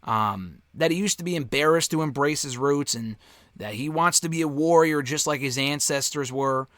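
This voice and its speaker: A man's voice: a little high, moderate pace, fairly bright tone, dry recording, clean studio sound. A man giving a casual spoken review of a wrestling show, candid and offhand, swearing freely.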